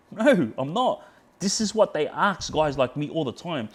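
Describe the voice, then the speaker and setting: A man's voice: on the high side, expressive, normal speed, slightly rough. Australian man telling a heated story. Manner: heated, swears a lot, re-enacts shouting in quotes; frequent fillers like yeah, bro, friggin'. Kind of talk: casual storytelling.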